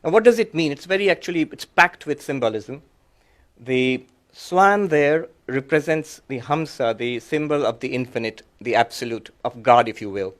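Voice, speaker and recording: A man's voice: mid-range voice, moderate pace. A man who is a monk, giving a reflective, conversational talk to an audience with many fillers and restarts, and explaining ideas patiently step by step.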